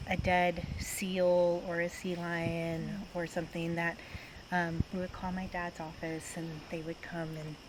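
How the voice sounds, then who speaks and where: A woman from Maine recounts a memory at an easy pace, pausing to find her words. Her voice is on the low side. Clear outdoor traffic noise sits behind her. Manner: unhurried, searching for words. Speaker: guest sharing a story. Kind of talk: personal storytelling. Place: outdoors beside a road.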